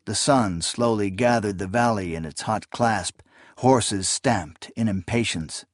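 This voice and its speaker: Dry, measured male audiobook narrator. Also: lowish voice, dry recording. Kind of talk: scripted fantasy narration.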